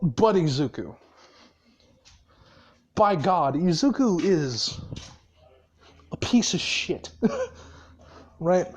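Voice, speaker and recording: This storyteller rambles through a fan-made story in loose, casual, profane speech packed with fillers and laughter. The pitch is lively and swings widely, and the pace stays slow and unhurried.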